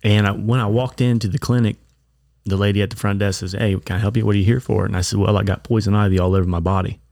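A man's voice: fairly low pitch, fairly even intonation, fast, creaky, a little mellow, no room sound, studio quality. A man co-hosting a podcast, telling a crude story in a blunt, casual way. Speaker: podcast co-host. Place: bar.

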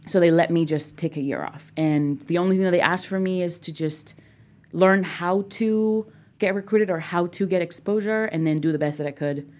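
A young woman from Peru, a native Spanish speaker, talks as a guest in a relaxed interview. Her voice sits low. She tells her story at length, stringing it together with fillers. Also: normal speed. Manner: chatty, storytelling with many fillers. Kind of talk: casual interview.

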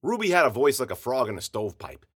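A man narrating a first-person story in a wry, hard-boiled deadpan. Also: medium pitch, quick pace, breathy edge.

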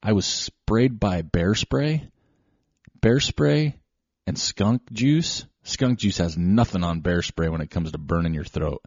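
A man hosting a show, telling a casual, rambling, self-deprecating story with animated asides. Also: low voice, takes it slowly, slightly rough, dry recording. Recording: slightly dull lo-fi recording.

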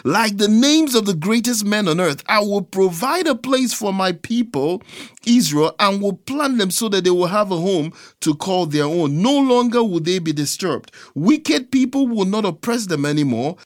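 A man's voice: high voice, expressive, normal speed, no echo. Emphatic preacher man, dry sound. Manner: emphatic, repeats key phrases. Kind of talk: sermon with scripture reading.

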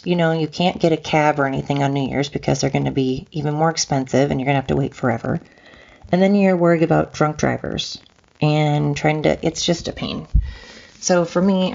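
A woman's voice: low voice, gravelly, a little mellow. A middle-aged woman from the Oregon coast hosting her own podcast, rambling in casual chat with self-mocking asides. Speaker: podcast host. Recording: dull lo-fi home recording.

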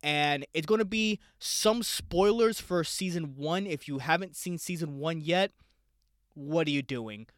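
Young guy doing a solo podcast, kinda high voice, hyped up and swearing a lot, dry close mic. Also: measured pace, no echo. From United States. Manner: excitable, swears freely, talks to listeners directly. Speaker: podcast host. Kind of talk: casual solo podcast chat.

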